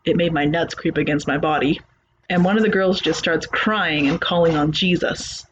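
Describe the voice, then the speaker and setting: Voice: medium pitch, steady tone, moderate pace, fairly bright tone, a little hiss or hum. Dull-sounding horror story narrator. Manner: plain conversational first-person retelling. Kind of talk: reading a horror story aloud.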